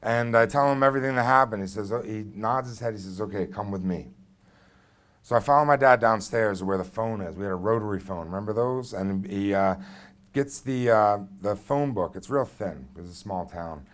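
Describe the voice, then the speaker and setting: A man's voice: lowish voice, a little fast. A man in his thirties telling a personal story on stage into a microphone, conversational and blunt with frequent fillers. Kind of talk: live first-person storytelling.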